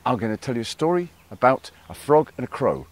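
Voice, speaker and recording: A male storyteller telling a folk tale to a live audience, playful and expressive. His voice rises and falls in a lively way, and it sounds dry and close, with no room echo. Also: medium pitch, a little fast. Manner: expressive, playful, talks with the listeners.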